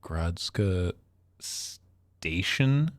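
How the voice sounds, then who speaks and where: In a deep, animated voice delivered extremely slowly, a man provides casual livestream commentary on a geography guessing game, with no echo. He thinks out loud, laughs at himself, and teases his own guesses.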